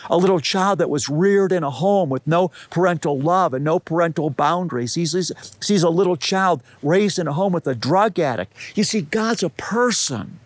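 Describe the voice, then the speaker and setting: A man's voice: on the high side, no room sound. A man preaching an earnest, emphatic sermon and leading a prayer.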